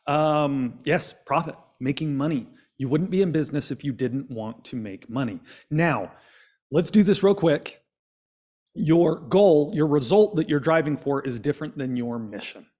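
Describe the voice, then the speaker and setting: A man leading a coaching session on a video call, lively and quizzing his audience. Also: fairly high pitch, moderate pace. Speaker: business coach.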